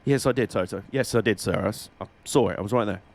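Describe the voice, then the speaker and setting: A man's voice: fairly low pitch, fast talker, voice pushed down, natural voice. Man doing a young racing driver, obedient, dutiful, eager.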